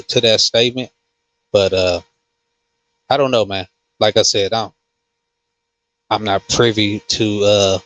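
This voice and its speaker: A man who hosts a casual livestream and reads comments, talking slowly with many fillers and restarts. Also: lowish voice, a bit bright, no room sound. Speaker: host.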